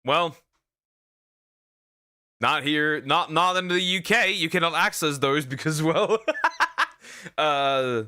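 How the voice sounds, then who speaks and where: Bright dry-voiced male streamer. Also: medium pitch, clear, resonant tone, no room sound. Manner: rambling, stammering, jokey asides. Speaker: VTuber streamer reacting to videos. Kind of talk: casual reaction commentary. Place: lives in Germany.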